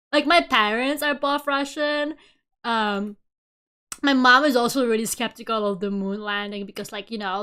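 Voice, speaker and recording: A woman in her twenties chatting casually on a live stream, giggly and animated as she tells stories. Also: a little high, clear, resonant tone. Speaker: VTuber streamer.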